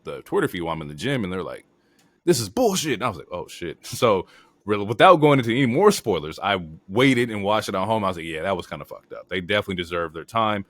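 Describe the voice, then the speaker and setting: A man with a very deep voice co-hosts a laid-back wrestling podcast. He rants bluntly and swears freely, with lots of "like" and "um." His voice is recorded close and dry, with no room sound. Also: quick pace, no room sound. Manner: profane, animated opinions with frequent fillers. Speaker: podcast co-host. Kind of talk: casual wrestling recap chat.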